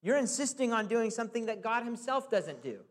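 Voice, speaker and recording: A man's voice: very high voice, big pitch swings, a little fast. A male preacher giving a conversational, earnest sermon, often checking in with the listeners.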